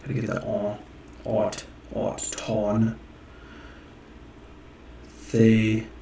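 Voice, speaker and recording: Casual teacher, man, gravelly and unhurried, off-mic in a roomy space, muses aloud. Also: medium pitch, fairly even intonation, darkish tone, distant mic, slight background noise. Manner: musing, self-correcting, thinking aloud. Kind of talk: casual screen-share lesson. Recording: echoey room, off-mic.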